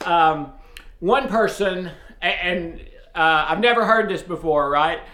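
A man from East Tennessee with a strong Southern accent, casually and loudly addressing viewers as host of a faith video series. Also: sits high, slow. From East Tennessee, USA. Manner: loud, speaks up forcefully. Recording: roomy echo.

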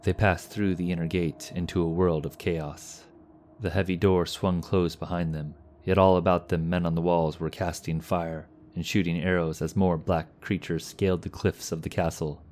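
A man reading a fantasy story aloud as a narrator, in a steady, measured storytelling manner. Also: low-pitched, a little hiss or hum.

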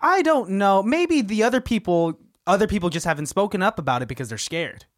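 A man's voice: high-pitched, sing-song, brisk, no echo, clean studio sound. A man hosting a casual podcast, talking loosely and laughing a lot. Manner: laughs easily, rambling. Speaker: podcast host. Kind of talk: casual chat.

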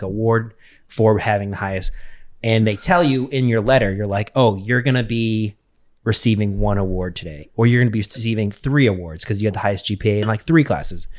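A young man telling a school story in casual chat, swearing a lot and acting out what people said. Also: fairly low pitch. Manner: profane, animated storytelling with quoted voices.

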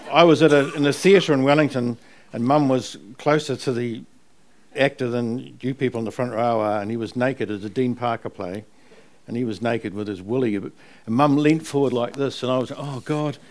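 An older man with a New Zealand accent, an author being interviewed on stage about his family memoir, tells animated, rambling anecdotes and laughs as he tells them. He speaks at a moderate pace in a medium-pitched voice.

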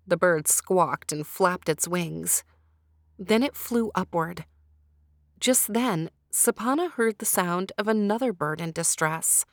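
A woman hosting and narrating a children's story in a slow, deliberate storytelling manner. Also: on the low side, expressive, dry recording, clean studio sound. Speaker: storyteller host.

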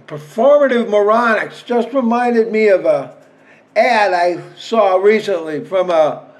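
A man with a high-pitched voice talks as a podcast host. He speaks casually and plainly, in a blunt and opinionated way, like someone thinking out loud to his listeners. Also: unhurried, poor audio. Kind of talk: casual political commentary.

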